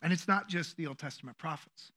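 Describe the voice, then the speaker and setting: Bright high-voiced male preacher. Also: brisk. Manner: animated, acts out quoted voices, jokes with the congregation. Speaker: pastor. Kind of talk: sermon.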